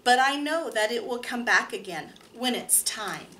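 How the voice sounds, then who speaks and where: Woman doing a hushed, patient girl porcupine, whispered role-play, storybook read-aloud, slow. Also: fairly high pitch, lively intonation, slight background noise.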